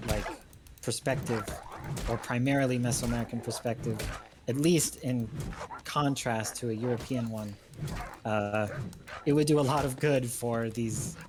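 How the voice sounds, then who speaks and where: Hesitant man, historian guest, noisy stream. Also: medium pitch. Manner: halting, many fillers and restarts. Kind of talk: casual conversation on a livestream.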